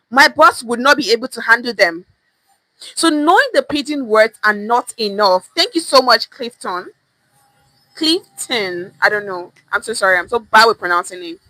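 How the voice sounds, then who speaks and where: Nigerian lady coach teaching pidgin, high bright voice, animated, keeps repeating herself, dry close sound. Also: no room sound, rough recording. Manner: animated, repeats phrases for emphasis; addresses viewers directly, mixes in Pidgin. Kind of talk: casual teaching monologue.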